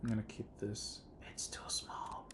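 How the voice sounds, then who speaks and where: Slow-talking man with a Rioplatense Spanish accent. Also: in a whisper. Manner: rambling, thinking aloud with many fillers. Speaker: game developer streaming his work. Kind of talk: casual live-stream chat while working.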